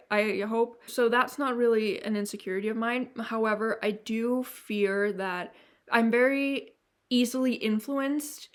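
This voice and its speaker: A woman's voice: medium pitch, fairly even intonation. Frank young woman vlogger with a mixed accent. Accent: mix of non-native European and American. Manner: rambling and frank, with many restarts and swearing; fast s sounds she dislikes. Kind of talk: candid to-camera vlog.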